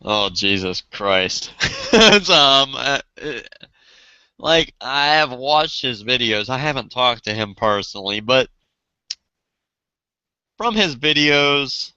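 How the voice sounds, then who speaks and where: A man's voice: medium pitch, sing-song, takes it slowly, long pauses, bright, forceful tone, clean tone, no echo, highs cut off. A man hosting a casual chat, joking around, swearing and laughing often. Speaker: channel host.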